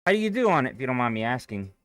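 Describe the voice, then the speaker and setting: A young man talks loosely into a close desk mic, thinking aloud and cursing as he goes. His pitch swings around a lot, and the sound is dry and close. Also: sing-song, racing, fairly bright tone, no echo. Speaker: day trading streamer. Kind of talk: casual live-stream chat, reading viewer comments.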